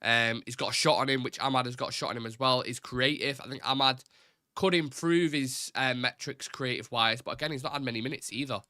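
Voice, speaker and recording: A man's voice: mid-range voice, fairly quick, bright, forceful tone, dry recording, studio quality. A man hosting a football fan live stream, talking casually and at length, rambling with strong opinions and the odd swear word. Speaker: host of a football fan show.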